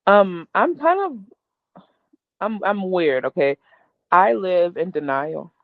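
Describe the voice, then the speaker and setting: A woman's voice: lowish voice, very animated, takes it slowly, no echo. A woman guest speaking candidly and emotionally about her own life, laughing often as she talks. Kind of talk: candid personal storytelling. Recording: tinny, dry, phone-like line.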